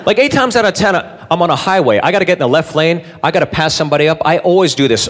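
A man's voice: fairly high pitch, animated, fast. A man doing a brash, mocking stand-up routine and addressing the audience directly. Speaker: stand-up comedian. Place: comedy club. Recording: live club with loud crowd and noise.

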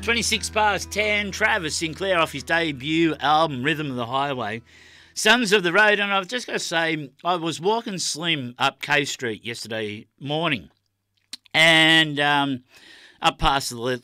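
A man's voice: a little high, sharp tone, no echo. A man with an Australian accent presenting on community radio, telling a rambling story with plenty of ums. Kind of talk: casual radio chat. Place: small radio studio. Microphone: studio microphone.

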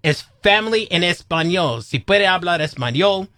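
A man's voice: high voice, lively intonation, normal speed, sharp tone, dry recording, studio quality. A man co-hosting a radio show, playful and teasing in casual banter. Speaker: radio co-host.

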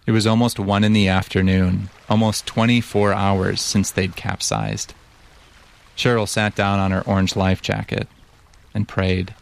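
A man narrating a documentary story as reporter in a measured, even way, also asking interview questions. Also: fairly low pitch, gravelly.

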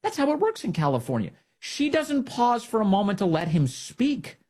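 A man's voice: high-pitched, wildly swooping pitch, moderate pace, a little mellow. A man hosting a political commentary show, talking in a sarcastic, mocking and indignant way.

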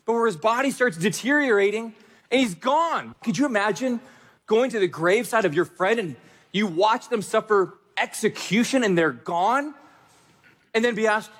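A man's voice: high-pitched, lively intonation, moderate pace, long pauses, a bit bright. A male pastor preaching a sermon, speaking emphatically and repeating phrases for stress.

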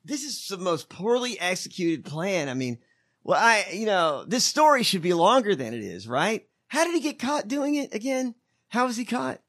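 Animated, bright-voiced man riffing crudely. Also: high-pitched, normal speed. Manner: crude, mocking, swings loud and quiet. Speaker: podcast co-host. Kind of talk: casual profane commentary.

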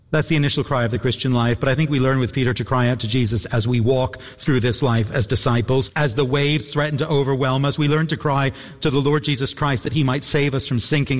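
A man preaching a sermon, earnest and reflective, repeating phrases and pausing for effect. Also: medium pitch, fairly even intonation. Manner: earnest, reflective, with repetitions and dramatic pauses. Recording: long hall reverb.

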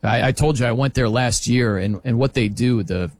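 A male radio host leading a lively sports talk segment in an excitable way. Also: mid-range voice, normal speed, no echo. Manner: excitable, mimics crowd chants.

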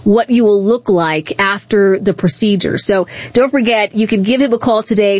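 A woman's voice: medium pitch, moderate pace, few pauses, no room sound. A woman hosting a talk radio show, telling a story in a chatty way. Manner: chatty, storytelling, laughs easily. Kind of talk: casual talk radio monologue. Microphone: studio microphone.

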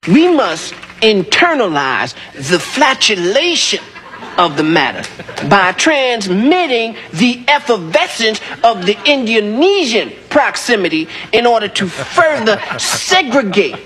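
Pompous inmate mangling fancy words, slow lively delivery, comedy sketch. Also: male voice, high voice, exaggerated voice. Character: jailed man using big words wrongly.

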